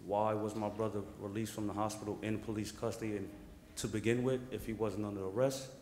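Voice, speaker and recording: A man stands before a council and demands answers, pressing hard and repeating his questions. His voice is low. The chamber is echoey with long reverb and faint noise. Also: a little mellow. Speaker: family member speaking at public comment. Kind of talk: public statement at a council meeting.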